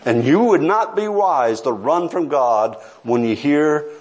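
A man's voice: fairly high pitch, lively intonation, slow, darkish tone. A middle-aged man preaching a sermon, telling a story with earnest, pleading intensity.

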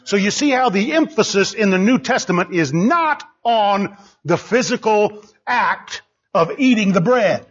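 Male preacher, high raspy voice, hammering points home in a muffled sermon recording. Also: expressive, a little slow. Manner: emphatic, repeats phrases for stress.

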